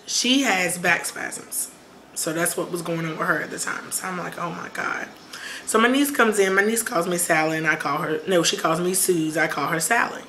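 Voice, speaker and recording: A woman telling a personal story on her vlog, lively, acting out quoted voices. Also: on the low side, normal speed, a little hiss or hum. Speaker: vlogger.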